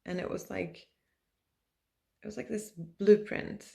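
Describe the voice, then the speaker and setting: A woman's voice: medium pitch, steady tone, measured pace, gravelly, dark tone. A woman vlogger telling a personal story to camera in a rambling, hesitant way, full of fillers and restarts.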